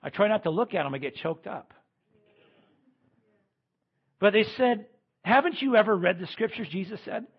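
A man preaching a sermon as pastor, swinging between loud emphatic lines and quiet ones. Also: high-pitched, animated, normal speed, vocal fry, long pauses, husky, highs cut off.

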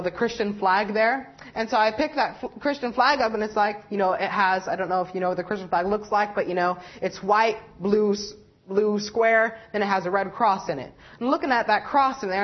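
A young woman giving a personal religious testimony, rambling and halting, with many fillers and self-corrections. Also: mid-range voice, highs cut off. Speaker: lay preacher giving testimony.

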